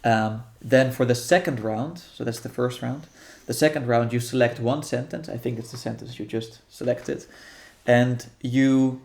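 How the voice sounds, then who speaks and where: A man calmly explaining how a guided meditation practice will go, thinking aloud with frequent restarts. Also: medium pitch, creaky. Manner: thoughtful, halting, many restarts and fillers. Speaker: guest guiding a meditation practice. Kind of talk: explaining a practice in casual conversation.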